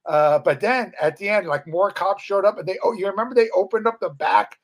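A middle-aged man with a notably high speaking voice spins loose, profane stories from the old days. He rambles freely in casual chat. He slips into other people's voices whenever he quotes them. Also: fairly quick. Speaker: guest, former metal band guitarist.

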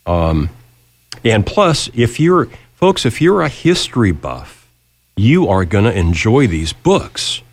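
Man, talk show host, chatty storyteller, low voice, dry. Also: sing-song, takes it slowly, no echo. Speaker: radio host. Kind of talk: interview talk.

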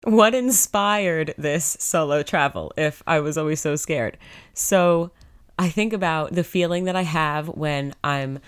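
A woman's voice: low voice, fairly even intonation, a little slow, clear, resonant tone. A woman hosting a podcast, upbeat and chatty, sounding stuffed up from a cold. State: congested with a cold. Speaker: podcast host. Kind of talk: motivational podcast monologue.

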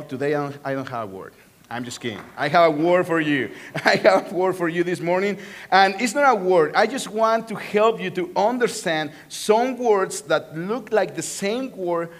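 Man, pastor, Spanish accent, non-native English, animated sermon, high-pitched. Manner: animated, joking with the congregation.

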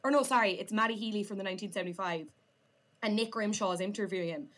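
A woman's voice: medium pitch, fast talker, a bit bright. A young woman with an Irish accent, chatting as a podcast guest, her talk full of "like" fillers. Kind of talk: casual chat.

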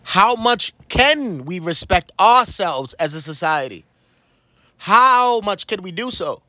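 A man delivers a fervent solo podcast monologue in a fairly high voice, unhurried and deliberate. He circles back on his phrases, hammering them home, and throws out rhetorical questions like a preacher. The sound is close and dry, with no room around it. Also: very animated, pushed and bright, no room sound. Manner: emphatic, repeats phrases for effect. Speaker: podcast host. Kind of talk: impassioned spoken monologue.

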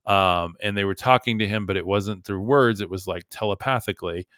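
A man's voice: on the low side, a little fast, a bit bright, no room sound, studio quality. A man hosting a podcast in a casual, emphatic monologue, often saying "like" and talking to his listeners as "guys". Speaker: podcast host.

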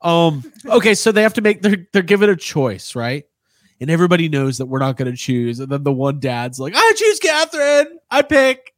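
A man co-hosting a podcast in casual chat, with a relaxed, wry manner. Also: mid-range voice, a little fast, no echo, studio quality. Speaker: podcast co-host.

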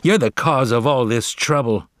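A man's voice: mid-range voice, moderate pace, no echo, studio quality, close to an everyday voice. A man voicing an arrogant, bullying big brother tomcat who sneers and threatens. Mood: menacing. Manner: sneering, menacing.

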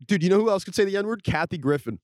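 A young man in casual chat, telling rambling stories and slipping into quick impressions. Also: sits high, expressive, darkish tone, dry recording, studio quality.

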